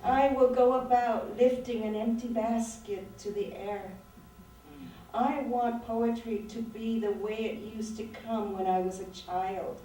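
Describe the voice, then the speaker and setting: A woman author reading her own prose aloud at a literary event, in a measured, lyrical way. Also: a little high, fairly even intonation, dark tone, a little hiss or hum. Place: event room at a writers' center. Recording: very echoey room, mic far off.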